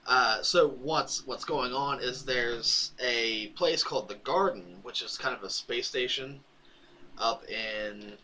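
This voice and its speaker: A man's voice: mid-range voice, slow, pushed and bright, rough recording. A man co-hosting a podcast, casually retelling a comic book's story and quoting its characters with laughs along the way. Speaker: podcast co-host. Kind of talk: casual comic recap chat.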